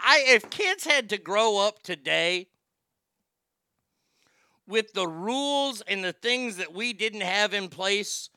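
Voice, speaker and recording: High bright-voiced profane ranting man. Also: gravelly, smooth, no echo, clean studio sound. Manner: profane, ranting, fast swings from loud to muttered. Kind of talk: casual comedic rant.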